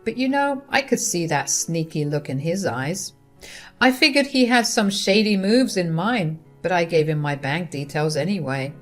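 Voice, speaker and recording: A woman's voice: fairly low pitch, lively intonation, moderate pace. A woman narrating a first-person revenge story in a wry, dramatic way. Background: faint guitar music.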